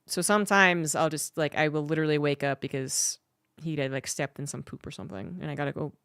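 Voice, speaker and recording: A woman's voice: low voice, steady tone, quick pace, fairly bright tone, clean tone, dry recording, clean studio sound. A woman streamer in a casual livestream chat, telling a rambling, cursing story.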